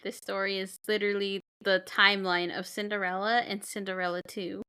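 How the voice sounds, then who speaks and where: A woman with a bright, forceful voice, chatting casually on a podcast. She jumps in with quick reactions and playful asides. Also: medium pitch, level tone, clean tone. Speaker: podcast co-host. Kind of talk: casual chat.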